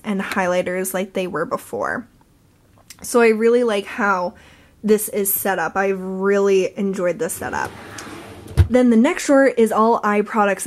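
Young female beauty vlogger, casual show-and-tell, filler-heavy chat. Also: mid-range voice. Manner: chatty, lots of ums and likes. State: a bit out of breath.

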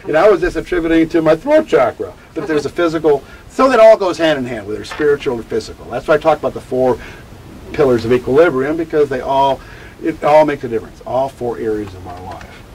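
A man's voice: medium pitch, animated, fast, darkish tone, a little hiss or hum, rough recording. An older man, a grief educator, telling personal stories in an interview and often stopping to repeat and restart his words. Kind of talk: candid personal storytelling in an interview.

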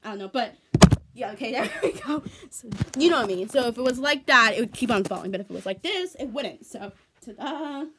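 This teenage home vlogger's voice is on the high side, expressive and a bit fast, with a noisy background behind her. Tearful and near crying, she rambles casually and earnestly repeats herself.

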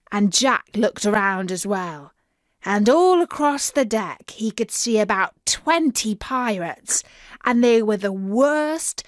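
A woman reading a children's pirate story aloud slowly and clearly for English learners. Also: medium pitch, no room sound, clean studio sound. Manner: slow, clear, expressive reading.

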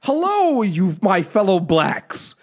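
A man's voice: sits high, huge pitch swings, slow pace, pitched above the performer's own voice, full character voice. A man putting on the voice of a hesitant, overly polite male undercover cop. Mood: fake-friendly.

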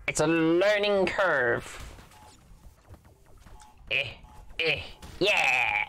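Goofy, lively let's-play host. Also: medium pitch, slow pace, pauses often. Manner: playful and goofy, with silly sound effects. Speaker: gaming channel host.

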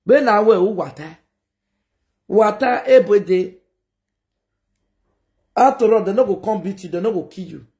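A woman with a Nigerian Pidgin accent hosting a gossip reaction video, scolding and mocking with sudden shouts. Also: fairly low pitch. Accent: Nigerian Pidgin English. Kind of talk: animated reaction commentary.

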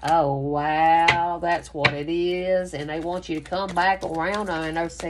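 A woman's voice: sits low, fairly even intonation, measured pace, hardly any pauses, background noise. A woman reads tarot cards in a casual spoken style. She talks in long, rambling runs and drops curse words freely. Her delivery is blunt and emphatic. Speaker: tarot reader.

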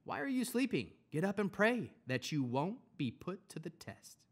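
A man doing an earnest, measured prophet. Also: high-pitched, very animated, husky, voice pushed up, exaggerated voice. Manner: earnest, measured, slightly raised. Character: calm, earnest male teacher and prophet.

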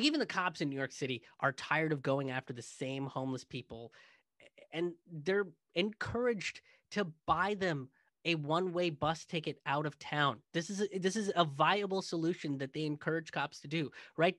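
Guy doing a sarcastic comedy rant, bit high voice, dry close sound. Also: fairly bright tone, dry recording. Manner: sarcastic, mocking. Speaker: comedian host. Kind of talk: comedic monologue.

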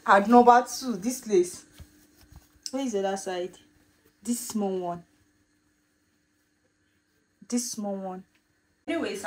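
A woman's voice: medium pitch, a little hiss or hum. Chatty woman in an echoey kitchen. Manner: chatty, animated storytelling, repeats herself. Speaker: vlogger. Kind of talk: casual vlog chat. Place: home kitchen. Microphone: phone camera. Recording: echoey room, mic at a distance.

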